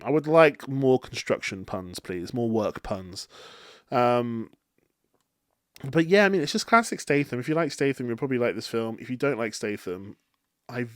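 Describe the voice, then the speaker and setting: A man's voice: mid-range voice, lively intonation, moderate pace, no room sound, clean studio sound. A man hosting a casual solo film review podcast, rambling and chatty with many fillers and restarts. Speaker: podcast host reviewing films.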